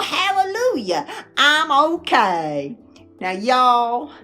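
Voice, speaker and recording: A middle-aged woman, telling folksy stories to camera in a chatty, animated way and laughing often. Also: high voice. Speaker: vlogger.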